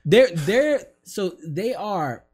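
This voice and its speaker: A man's voice: high voice, very animated, drawn-out words, darkish tone, breathy edge. A young man telling loose, joking stories as a podcast guest in casual chat. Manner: loose, joking storyteller with lots of fillers.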